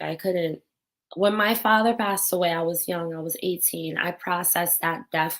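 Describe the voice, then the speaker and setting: A woman's voice: fairly low pitch, fairly bright tone. A young adult woman talking candidly and tearfully in a personal vlog, swearing now and then. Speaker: vlogger.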